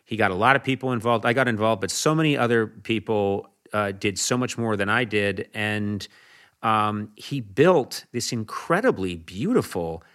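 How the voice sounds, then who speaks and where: Man, bright forceful voice, casual storytelling, chatty guest. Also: lowish voice, moderate pace. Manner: animated storyteller, slips into Irish voices for laughs. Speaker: talk show host, guest. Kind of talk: casual chat, anecdotes.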